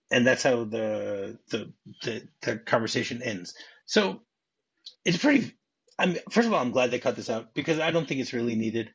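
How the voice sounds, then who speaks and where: A man's voice: mid-range voice, very animated, normal speed, husky. A man from Michigan hosting a movie podcast, retelling scenes casually and reading script lines aloud. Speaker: podcast host. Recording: dull muffled audio.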